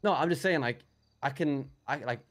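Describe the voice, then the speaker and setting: A young man in character in a roleplay recounts events in a rambling, hesitant way, full of fillers and restarts. His voice is medium-pitched and his speed normal.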